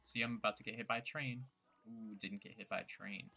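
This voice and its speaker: This gameplay streamer is a young man offering loose, joking, casual commentary, rambling and mocking his own words as he plays. He talks a little fast in a fairly low, creaky, pushed and bright voice with fairly even intonation. Soft music plays behind him.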